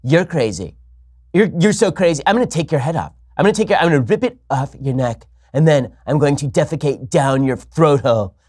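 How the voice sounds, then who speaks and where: A man's voice: fairly high pitch, expressive, a little fast, a little mellow, breathy edge. A man voicing a blustering, furious male president who makes over-the-top threats in a mocking bit.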